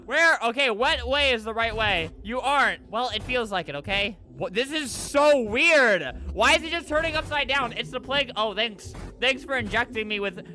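A young man giving sarcastic gameplay commentary, with deadpan asides that break into panicked yelps. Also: extremely high pitch, normal speed, low-quality recording. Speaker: gaming video host.

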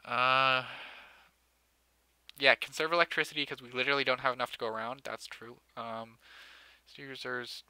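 A young man talks through his city-building game in a loose, joking way, full of dry sarcasm and jabs at himself. His voice is very bright and tight. The sound is dry and close, with no room around it. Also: medium pitch, level tone, moderate pace, pauses often, clear, resonant tone, dry recording. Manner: joking, sarcastic, self-mocking, often laughing. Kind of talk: casual let's-play commentary.

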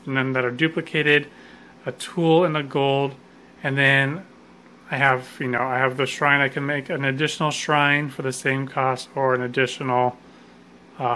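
Man, bright tone, casual board game rules walkthrough, some um and uh, faint background hum. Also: mid-range voice. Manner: relaxed, with fillers and self-corrections.

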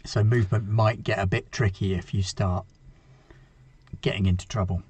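A man narrating as game master in a tabletop game over voice chat, relaxed and matter-of-fact. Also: on the low side, moderate pace, breathy edge, no room sound.

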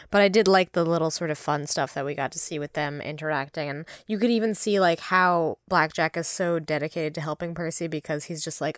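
A woman co-hosting a podcast in casual book-discussion chat, talkative and quick to act out characters' lines. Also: sits low, no room sound, clean studio sound. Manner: chatty, acts out characters' lines in quick impressions. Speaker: podcast co-host.

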